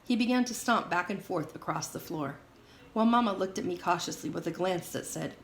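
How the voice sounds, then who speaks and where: A woman reading a memoir aloud in a steady, measured way. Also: lowish voice. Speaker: audiobook reader. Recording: roomy echo, faint hiss.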